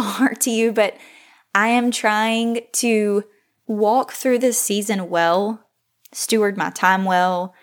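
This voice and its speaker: A woman in her thirties hosting a faith podcast, speaking in an earnest, confessional way, close to tears, repeating phrases for emphasis. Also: medium pitch. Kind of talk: heartfelt devotional monologue.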